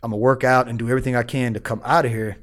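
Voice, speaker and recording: Podcast guest, male, rapid-fire animated storyteller who uses street slang and acts out voices. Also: mid-range voice. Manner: animated, acts out the people he quotes.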